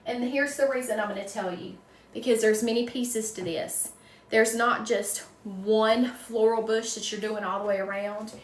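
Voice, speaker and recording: A woman's voice: fairly high pitch, steady tone, normal speed, slight background noise. A woman from North Carolina with a Southern accent, chatting casually and greeting viewers by name while she designs a wreath on a live stream. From North Carolina, USA. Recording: roomy echo, distant mic.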